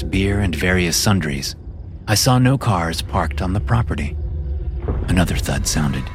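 A man with a low-pitched voice narrates a horror story in the first person. He tells it at a measured, steady pace.

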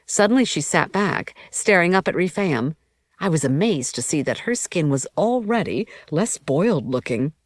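Low woman's voice, even reading, dry close sound. Audiobook narrator. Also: normal speed, no echo. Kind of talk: first-person scripted narration.

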